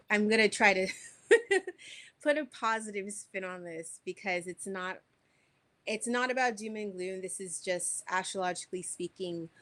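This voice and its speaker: A woman giving an unscripted spiritual astrology talk, earnest and reflective, pausing often with soft fillers. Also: mid-range voice. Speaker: wellness teacher giving an astrology forecast.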